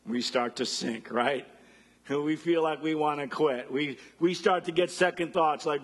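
A man giving a sermon as a pastor, animated, acting out voices of the people he quotes. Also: fairly high pitch, a little slow, husky, long reverb tail.

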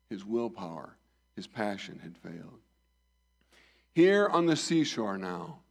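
A man preaching a sermon, reading scripture and voicing the dialogue, rising loud then dropping soft. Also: mid-range voice. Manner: reads scripture and acts out the dialogue, swells and drops in volume.

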